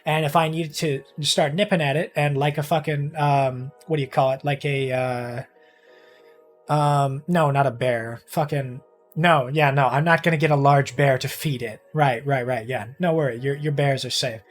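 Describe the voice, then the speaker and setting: A young man chatting casually while streaming a game, rambling, swearing freely and getting excited easily. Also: mid-range voice, moderate pace, soft background music. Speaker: livestreamer. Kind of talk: casual live-stream chat while gaming.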